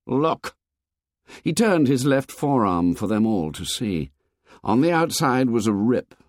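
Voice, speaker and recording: Male narrator, lively pitch, dry booth sound, audiobook reading. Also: no echo. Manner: measured, expressive storytelling.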